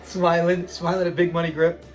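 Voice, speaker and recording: A man's voice: fairly high pitch, flat delivery, normal speed, faint music behind. A man hosting a classic TV reaction channel, talking in an enthusiastic, rambling and sentimental way. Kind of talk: casual commentary.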